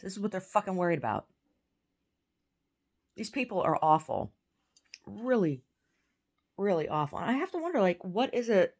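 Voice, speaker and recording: A woman's voice: mid-range voice, sing-song, normal speed, long pauses, darkish tone. A woman telling an angry story in a casual, profane rant with stammered restarts, at home. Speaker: vlogger. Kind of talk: casual ranting monologue.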